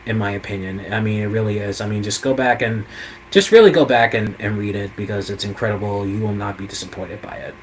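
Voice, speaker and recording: A man's voice: on the low side, a little hiss or hum, low-quality recording. Rambling man with casual chat. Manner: rambling, lots of fillers, chuckles often. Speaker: host. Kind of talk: casual ranking chat about comics.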